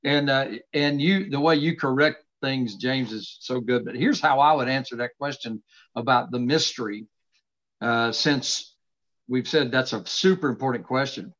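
A middle-aged man hosting a casual faith conversation, earnestly expounding scripture with slow, emphatic stresses from his home study. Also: medium pitch, a bit bright. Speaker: host. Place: home study with books behind him. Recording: dull lo-fi sound.

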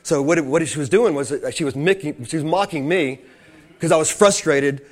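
A man's voice: a little high, normal speed. A man preaching a sermon, telling stories with many restarts and building to fervent emphasis. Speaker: pastor.

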